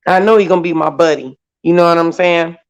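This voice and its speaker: Brief: woman in her 40s, panel chat, lively storyteller who acts out quotes. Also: fairly low pitch, fast talker, low-quality recording. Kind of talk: casual group chat.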